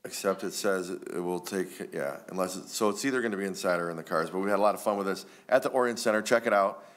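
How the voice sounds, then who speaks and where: A man's voice: low-pitched, fast talker. A man giving rambling, friendly remarks with many fillers at a township board meeting. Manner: warm, rambling, many ums.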